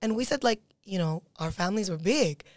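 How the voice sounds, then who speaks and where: A young woman from Cyprus speaks as a podcast guest, telling a story at a quick clip. She slips into the voices of the people in it. The sound is dry and close. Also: mid-range voice, no echo. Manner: fast, animated storytelling that acts out other people's words. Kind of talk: casual storytelling.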